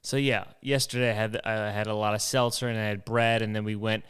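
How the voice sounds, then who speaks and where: Rambling, profane young man, smooth voice. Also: lowish voice, level tone, brisk, fairly bright tone. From New York. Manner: profane, self-deprecating, rambling storyteller. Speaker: podcast host. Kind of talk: rambling casual monologue.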